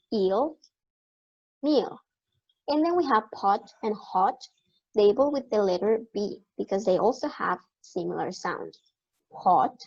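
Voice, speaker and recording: A woman teacher giving a recorded online lecture, explaining step by step and repeating key words slowly. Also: mid-range voice, darkish tone. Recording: dull lo-fi recording.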